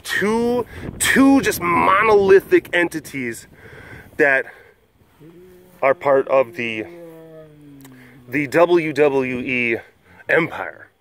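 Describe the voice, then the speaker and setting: Slightly high and somewhat bright, this man's voice carries a relaxed, wandering podcast conversation that he hosts from an animal compound. He laughs frequently and keeps backing up to begin his sentences again.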